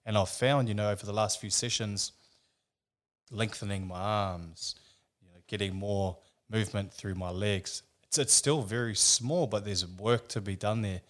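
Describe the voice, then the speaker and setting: A man's voice: lowish voice, normal speed. A man who is a bodybuilder, talking reflectively in casual podcast chat with many "you know"s. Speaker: guest, bodybuilder.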